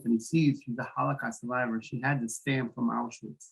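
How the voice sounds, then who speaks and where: Gravelly male interview guest; halting storyteller who restarts often, mid-range pitch. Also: fairly even intonation, rough recording. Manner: halting, with many restarts and repeated words. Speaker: guest, founder of an emergency medical volunteer group.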